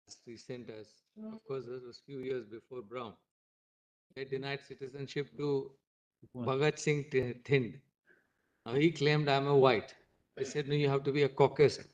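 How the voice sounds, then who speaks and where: A man's voice: medium pitch, fairly even intonation, normal speed, pauses often. A man speaking from the bench in a courtroom, explaining a point in a conversational way. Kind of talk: courtroom remarks. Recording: muffled, distant courtroom mic.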